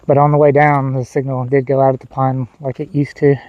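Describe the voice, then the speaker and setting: A man's voice: medium pitch, brisk, no room sound, lo-fi sound. A man chatting casually to his viewers while walking outdoors on a livestream. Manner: relaxed, rambling, talks to chat. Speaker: streamer. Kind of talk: casual livestream walk chat. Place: outdoors on a walk, rural.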